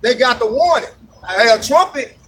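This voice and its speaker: High-voiced man preaching bluntly outdoors. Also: expressive, normal speed. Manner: forceful, blunt, cussing, emphatic. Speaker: street preacher. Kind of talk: street preaching discussion. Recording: distant outdoor mic, traffic noise.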